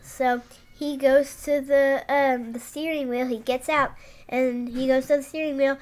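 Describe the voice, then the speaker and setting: A young woman with a high, light voice chats casually beside her co-host. She retells scenes in long runs joined by "and then". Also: fairly even intonation, measured pace, darkish tone. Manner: chatty, strings thoughts with "and then". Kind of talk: casual movie chat.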